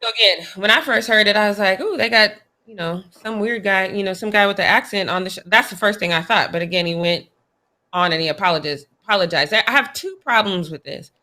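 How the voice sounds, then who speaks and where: Bright-voiced woman sports co-host. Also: medium pitch, quick pace. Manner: opinionated, emphatic. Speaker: podcast co-host. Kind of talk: casual sports chat.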